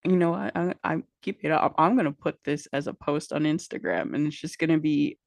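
Low-voiced teasing woman podcaster. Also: fairly quick, gravelly, no room sound. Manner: teasing, reads aloud from a book. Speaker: podcast co-host. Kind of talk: casual podcast chat.

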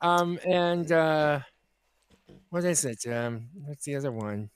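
A man's voice: fairly high pitch, takes it slowly, clear, resonant tone. A man co-hosting a podcast, arguing his points insistently in crude, casual banter. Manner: argumentative, insistent. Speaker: podcast co-host.

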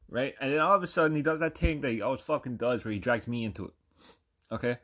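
A man's voice: mid-range voice, animated, fast talker, a bit bright. A man hosting a podcast, telling a rambling comedic story full of swearing and fillers. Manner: rambling, profane, lots of fillers. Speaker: podcast host.

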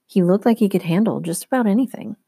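A woman teacher reading a novel aloud in a steady, clear storytelling manner. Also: medium pitch, quick pace, no echo, studio quality.

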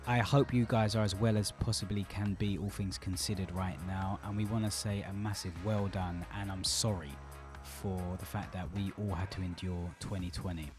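A man's voice: low voice, fairly even intonation, normal speed, few pauses, music in the background. A man hosting a podcast, talking in a casual, joking way. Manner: joking, teasing. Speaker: podcast host. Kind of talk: casual chat. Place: remote call.

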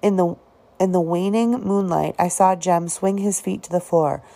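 A woman reading a novel aloud as an audiobook, in a steady, unhurried storytelling manner. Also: fairly low pitch, vocal fry. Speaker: audiobook reader.

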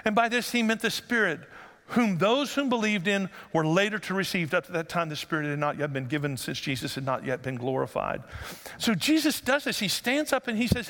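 A man preaching a sermon as pastor, conversational and joking, then rising to loud emphatic passages. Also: sits high, lively intonation, brisk, long reverb tail.

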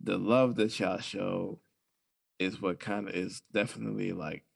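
A man's voice: deep voice, steady tone, a little slow, vocal fry, breathy edge. A young man co-hosting a casual podcast, talking in a loose, profane way and laughing through his stories. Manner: laid-back, profane, laughs while telling stories. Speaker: podcast co-host. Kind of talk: casual chat.

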